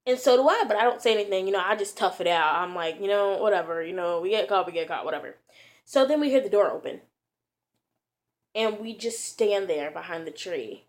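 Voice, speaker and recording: A woman's voice: medium pitch, fairly quick. A woman vlogger telling a story to her viewers in a rambling, casual way, full of fillers and slang.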